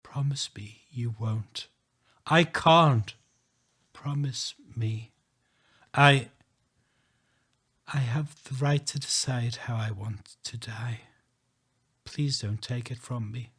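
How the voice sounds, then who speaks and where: A man reading an audiobook, voicing a despairing woman who speaks quietly and slowly on the phone. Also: medium pitch. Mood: faint, whispering. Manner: quiet, slow, deliberate. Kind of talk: audiobook character voice.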